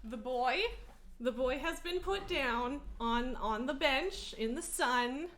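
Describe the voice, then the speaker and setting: A woman streaming a game from her home room, chatting loosely and breaking into laughs. She has a fairly high voice and slips into cooing baby talk with her cat. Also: takes it slowly, a bit bright, slight background noise. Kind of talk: casual live-stream chat while gaming. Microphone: headphones on, desk setup.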